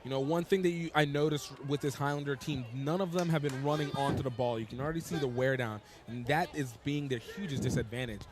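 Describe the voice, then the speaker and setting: A man giving steady live play-by-play commentary on a rugby match outdoors. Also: medium pitch, fast talker, few pauses.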